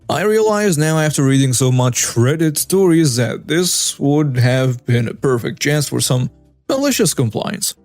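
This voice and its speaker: Dry, slightly high male story narrator. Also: expressive, a little slow, a little mellow, no room sound. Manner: wry, conversational storytelling. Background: faint background music.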